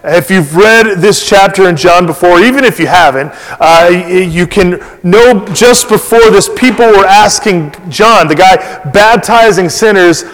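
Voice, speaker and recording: Middle-aged pastor preaching in a reverberant hall. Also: male voice, high-pitched, moderate pace, hardly any pauses. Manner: conversational, many fillers and restarts, animated quoting. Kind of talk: sermon. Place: church sanctuary. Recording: long reverb of a church hall.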